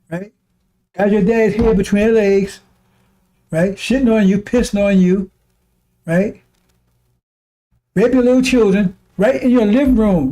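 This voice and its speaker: A man with a high voice and a mellow, dark tone delivers a fiery broadcast sermon. He mocks and scorns his listeners, chuckling as he goes and hammering on repeated phrases. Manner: mocking, scornful, breaks into laughter, repeats phrases. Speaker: preacher. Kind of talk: impassioned religious broadcast sermon.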